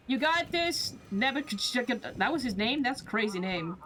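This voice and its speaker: A woman's voice: fairly high pitch, animated, normal speed, hardly any pauses, fairly bright tone, slight background noise. A woman streaming a game, reacting with casual, exclamatory commentary and some swearing.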